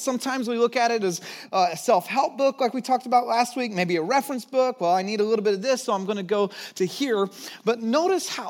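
Man, pastor, sermon, high voice, animated storytelling, soft low emphasis.

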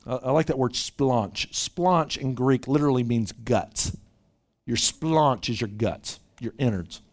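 A man preaching a sermon at a church retreat, animated and often repeating his first words as he starts a thought. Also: mid-range voice, measured pace. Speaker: pastor.

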